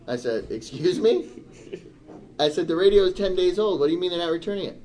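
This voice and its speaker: A middle-aged man tells a story in casual chat, his voice a touch higher than most. He is animated and builds into indignant outbursts. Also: quick pace. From Michigan, USA. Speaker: storyteller on a talk show.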